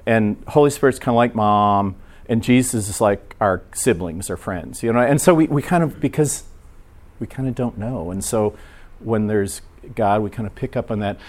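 A man preaching, telling a personal story in a relaxed, conversational way and acting out the voices of the people in it. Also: fairly low pitch, normal speed. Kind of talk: sermon storytelling.

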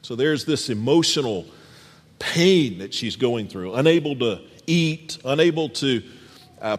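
A male pastor preaches in a fairly high voice that rises and falls widely. He reads scripture and addresses the congregation directly with animated energy. A long reverb from the church hall trails each phrase. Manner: animated, speaks straight to the congregation. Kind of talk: sermon with scripture reading.

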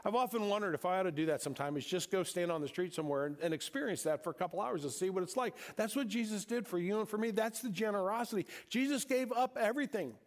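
A middle-aged man from the American Midwest delivers a conversational sermon with a light, high-pitched voice. He tells stories and often repeats words as he finds his next thought. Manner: conversational preaching with storytelling asides, repeats words when pausing. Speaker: pastor.

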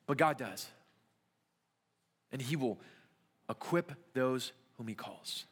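A man's voice: medium pitch, expressive, slow pace, fairly bright tone, slightly rough. A young adult man, a youth pastor, preaching a conversational sermon full of rhetorical questions in a church. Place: church sanctuary. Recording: church hall reverb.

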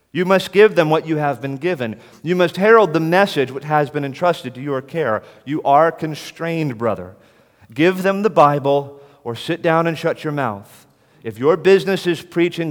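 A man preaching a sermon to fellow pastors, forceful and emphatic, hammering points home with repetition. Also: medium pitch, long reverb tail.

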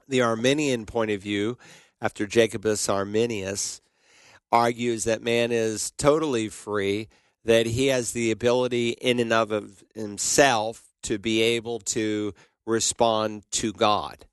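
A man teaching the Bible on a call-in radio show, answering a caller in a measured, explanatory way and quoting scripture. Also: on the low side, fairly even intonation, clear, resonant tone, dry recording.

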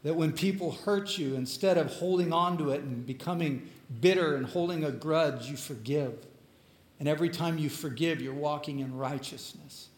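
A man preaching a sermon as pastor, earnest, moving between emphatic lines and hushed ones. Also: fairly high pitch, moderate pace, echoey room.

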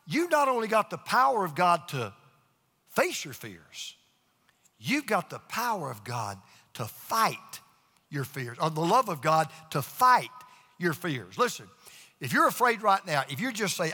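A man's voice: high-pitched, sing-song, a little slow, pushed and bright, big-room sound. A man preaching a sermon with emphatic call-and-response to his congregation. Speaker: pastor.

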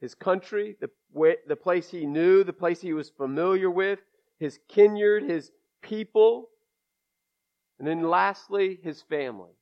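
A pastor with a high, light voice delivers a conversational sermon, folksy and candid, leaning into emphatic asides. The recording sounds dull and lo-fi, with the top end rolled off, as if captured in a church sanctuary. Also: male voice, a little slow.

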